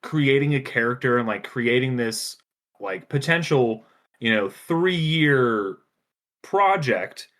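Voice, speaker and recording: A man's voice: medium pitch, lively intonation, slow pace, a bit bright. A man talking casually as a podcast guest, giving eager advice full of fillers about running tabletop games. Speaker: podcast guest, dungeon master. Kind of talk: casual chat.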